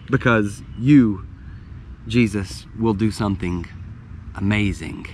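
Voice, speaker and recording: A man's voice: on the low side, slow pace, pauses often, a little hiss or hum. A middle-aged man, preaching a sermon as a pastor in a conversational way, restarting phrases and laughing lightly.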